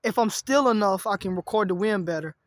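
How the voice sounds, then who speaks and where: A man filming himself outdoors in strong wind, rambling excitedly and repeating himself. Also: sits high, fairly quick, no echo. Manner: excitable, rambling, repeats phrases, says y'all often. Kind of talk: casual outdoor weather vlog.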